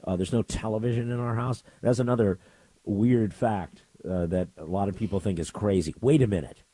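A middle-aged man talking on air in a casual, opinionated way. His voice is husky and dark, and the recording sounds dry and close. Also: on the low side, steady tone, normal speed, dry recording. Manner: opinionated, grumbling, playful. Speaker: radio host.

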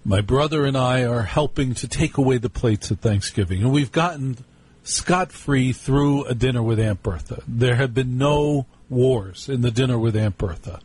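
A man's voice: medium pitch, moderate pace, a little mellow, slightly rough. A man hosting a live call-in radio show, telling a wry family story in a chatty, storytelling way with asides to listeners. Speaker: radio talk show host.

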